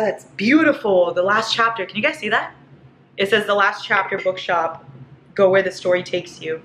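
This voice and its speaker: A woman vlogging a casual haul, gushing and excitable, squealing over each item. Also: medium pitch, unhurried. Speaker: book vlogger. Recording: echoey room with faint hiss.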